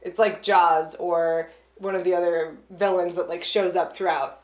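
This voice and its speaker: A woman's voice: fairly low pitch, fairly even intonation, normal speed, darkish tone, muffled recording. A woman co-hosting a casual movie review podcast, chatty and profane, with lots of "like". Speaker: podcast co-host. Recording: roomy echo.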